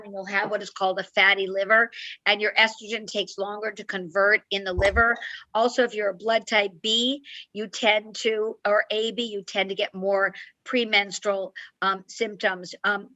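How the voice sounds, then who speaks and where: A woman's voice: medium pitch, sharp tone, no room sound, lo-fi sound. A woman herbalist giving an informative online talk and answering questions. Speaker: herbalist speaker. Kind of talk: online lecture and Q&A.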